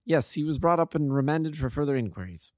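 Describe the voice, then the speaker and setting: A man's voice: on the high side, animated, a little fast, darkish tone, dry recording, clean studio sound, voice pushed up, lightly acted. A man voicing a hearty middle-aged male police inspector, jovial and officious.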